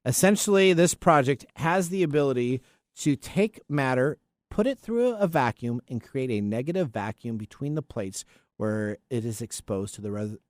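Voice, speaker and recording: A man's voice: medium pitch, lively intonation, normal speed, no room sound. Guy hosting a tech podcast, voice bouncing all over, rambly, trips on names, dry close mic. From US Pacific Northwest. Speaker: podcast host. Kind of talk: casual tech podcast chat.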